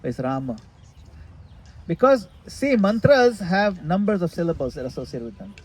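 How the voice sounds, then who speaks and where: A man leading a retreat session, explaining a practice in a relaxed, casual way and sometimes laughing at his own jokes. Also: high-pitched, a little fast, breathy edge, poor audio. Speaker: retreat leader answering questions. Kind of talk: casual teaching in a group session. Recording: faint background noise.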